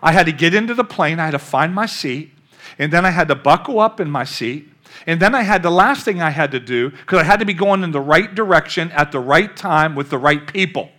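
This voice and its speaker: A man's voice: a little high, a little fast. An older man, a pastor, preaching a sermon through a long story, calling out questions to the congregation. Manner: storytelling, animated, calls out to the congregation.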